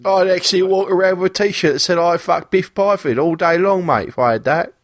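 A man's voice: high-pitched, a little fast, no room sound, studio quality, pitched above the performer's own voice, close to an everyday voice. A man voicing a crude, boorish British metal-fan lad who swears constantly. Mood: brash. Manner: swearing, brash, mocking.

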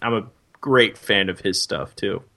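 Man, bright voice, mid pitch, eager film-podcast host. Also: a little slow. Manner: enthusiastic, asks co-hosts questions. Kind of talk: casual film chat.

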